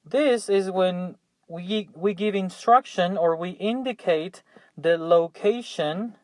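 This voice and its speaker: A man's voice: high voice, takes it slowly, no echo. A young man teaching English vocabulary, patiently repeating each word three times for students. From Mexico. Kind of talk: classroom vocabulary drill.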